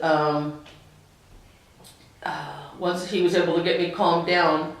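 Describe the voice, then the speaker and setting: A woman telling her family's story to the camera in a halting, earnest way, with many pauses and restarts. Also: deep voice, a little hiss or hum. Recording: very echoey room, voice from a distance.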